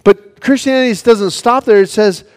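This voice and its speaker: A man preaching an evening sermon in a casual storytelling way, acting out quotes and dropping from lively to hushed. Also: sits high, moderate pace, smooth, in a large hall. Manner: swings from lively to soft and hushed.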